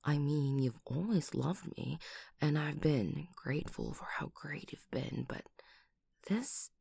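A woman voicing a doting, protective lover who kills for her partner, in a whispered role-play with breathy whispers and sudden loud outbursts, close to the microphone. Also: low voice, animated, slow pace, no room sound, exaggerated voice. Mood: doting worried.

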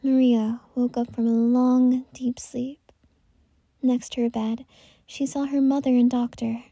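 Soft-voiced woman telling a bedtime story. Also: a little high, little pitch movement, measured pace, no room sound.

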